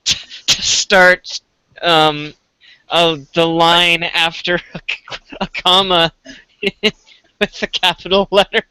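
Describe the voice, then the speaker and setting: A man's voice: sits high, little pitch movement, takes it slowly, pauses often, sharp tone, clean tone, dry recording, rough recording. A man co-hosting a podcast who talks in a hesitant, questioning way.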